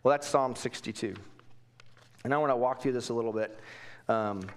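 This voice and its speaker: A man preaching a Bible lesson in a casual, conversational way, asking questions and swinging from quiet asides to emphatic bursts. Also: medium pitch, normal speed. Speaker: pastor. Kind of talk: Bible teaching sermon.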